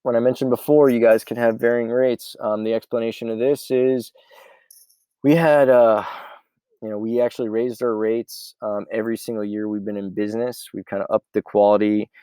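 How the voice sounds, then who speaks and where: A man who runs a meal prep business, casually walking through his ordering software and thinking aloud as he goes. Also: medium pitch, level tone, moderate pace, smooth, no room sound. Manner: rambling and offhand, thinking aloud.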